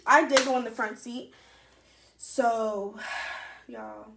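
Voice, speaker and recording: A young adult woman telling a personal story casually to her camera, animated, profane and candid, talking straight to her viewers. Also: fairly high pitch, slow pace, gravelly, noisy background. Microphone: camera set up in front of her.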